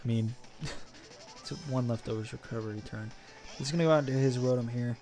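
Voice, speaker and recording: A man's voice: mid-range voice, steady tone, brisk, warm tone. A young man narrating an online game battle in a joking, self-mocking play-by-play voice-over. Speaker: gaming channel host. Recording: faint music behind.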